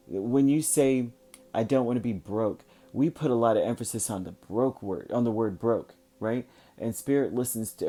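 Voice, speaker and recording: Low, mellow-voiced man giving a tarot reading. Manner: conversational and coaching, with many fillers and restarts. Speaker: tarot reader. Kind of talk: casual spoken tarot reading.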